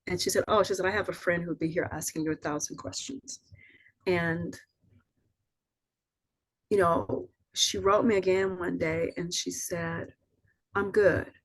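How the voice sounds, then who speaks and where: Soothing, husky older woman storyteller. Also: on the low side, unhurried, long pauses. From Southern US. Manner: soothing, reflective, lively when quoting others. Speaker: poet, interview guest. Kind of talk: reflective storytelling interview.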